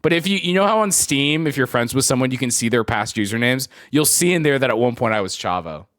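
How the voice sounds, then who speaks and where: An animated, fast-talking man in his twenties streams live, telling rambling stories and laughing often as he chats casually with viewers. His medium-pitched voice has a fairly bright tone, recorded in clean studio sound with no room sound.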